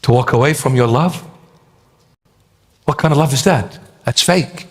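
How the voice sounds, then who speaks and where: Slow, emphatic male preacher in a reverberant hall. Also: mid-range voice. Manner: slow, emphatic, rhetorical questions. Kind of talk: sermon.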